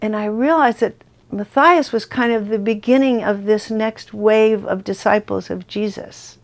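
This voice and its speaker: Creaky-voiced older woman telling a story. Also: medium pitch, a little slow. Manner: animated, laughs often, acts out others' lines. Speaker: storyteller sharing a spiritual story. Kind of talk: casual personal storytelling.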